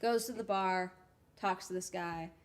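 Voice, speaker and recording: A young woman streaming and chatting casually, telling stories in a blunt, profane, animated way. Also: on the low side, measured pace.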